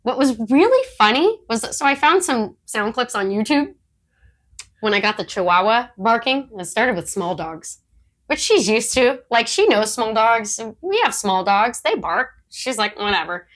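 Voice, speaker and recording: A podcast co-host who trains disc dogs chats casually, laughing often as she recounts training stories and acts out her dog's thoughts in quotes. Her voice is a little high, with big pitch swings. She speaks at a normal speed.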